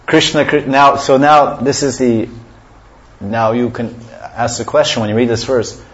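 A man's voice: lowish voice, moderate pace. Man teaching scripture, dull recording. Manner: explanatory, often chants verses and laughs softly. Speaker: religious teacher. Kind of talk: scripture class.

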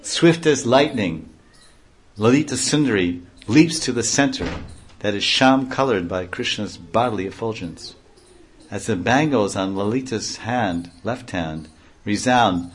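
A man's voice: fairly low pitch, unhurried, slightly rough. A man giving a devotional reading aloud, breaking off into offhand comments and explanations. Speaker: reader and speaker.

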